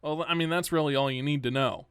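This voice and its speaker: A man hosting a solo news commentary podcast, reading news items aloud and cutting in with sarcastic, exasperated remarks that jump up in pitch. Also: fairly even intonation, fast, a bit bright, clear, resonant tone, no room sound, studio quality. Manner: reads news items, then rants sarcastically; exasperated outbursts with rising pitch. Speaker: podcast host.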